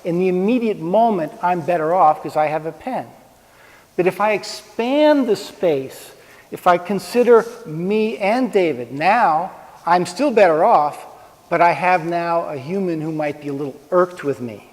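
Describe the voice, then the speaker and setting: A man's voice: high-pitched, expressive, measured pace. A man giving an informal, conversational talk on ethics to a live audience, with props and pointing. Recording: long reverb of a hall.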